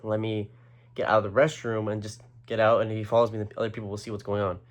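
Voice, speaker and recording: A man's voice: lowish voice, little pitch movement, fast. A young man casually telling a rambling story, full of slang and fillers. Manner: rambling, slangy, lots of "like" and "bro".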